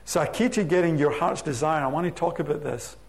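A man preaching a sermon to his church, reading scripture aloud with slow, emphatic stress. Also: fairly high pitch. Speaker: pastor. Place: church sanctuary.

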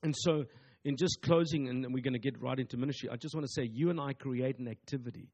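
A man's voice: medium pitch, fast, gravelly, a little mellow, muffled recording. A man, a pastor preaching a sermon emphatically, with repetitive phrasing and call-and-response asides.

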